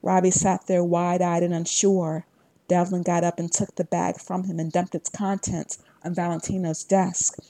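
A woman narrates a first-person story with steady, even pacing. Her voice sits low and mellow, recorded close with no room sound around it. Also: moderate pace, no room sound. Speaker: audiobook narrator.

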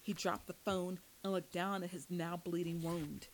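A woman reading a first-person novel aloud as an audiobook narrator, with steady storytelling delivery. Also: on the low side, measured pace, slight background noise, rough recording.

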